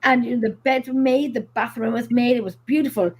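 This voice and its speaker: A woman paranormal investigator from Ireland, casually telling stories on a live show, animated and full of fillers and swearing. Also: on the high side, fairly quick, slightly rough.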